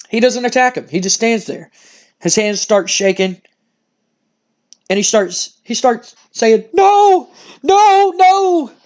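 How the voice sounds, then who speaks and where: A man calling the action of a wrestling simulation game as play-by-play, excitable, repeating phrases and swearing when surprised. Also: high voice. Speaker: gaming channel host.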